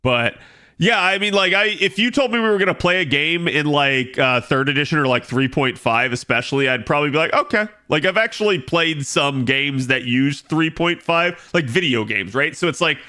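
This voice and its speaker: Casual streamer guy with a bright, forceful voice who rambles loosely and thinks out loud. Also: a little high, animated, moderate pace. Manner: rambling, thinks aloud with many fillers. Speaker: game streamer chatting with viewers. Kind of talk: casual live-stream chat.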